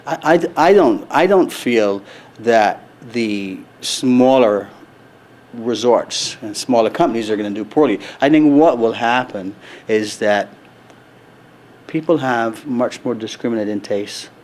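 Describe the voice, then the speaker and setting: A middle-aged man answering interview questions at a convention in an earnest, measured way, with many fillers and restarts. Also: medium pitch, a little mellow. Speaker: resort executive, interview guest. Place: convention floor.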